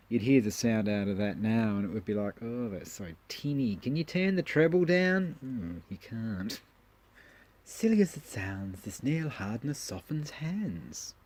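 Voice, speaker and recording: A man's voice: lowish voice, dark tone, breathy edge. A man giving casual, joking commentary on old magazine adverts, chuckling at his own asides.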